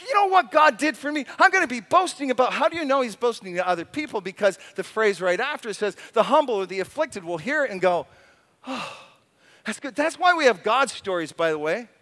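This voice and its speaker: A man preaching a sermon as pastor, playful and animated, breaking into acted-out voices. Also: very high voice, a little fast. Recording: reverberant hall.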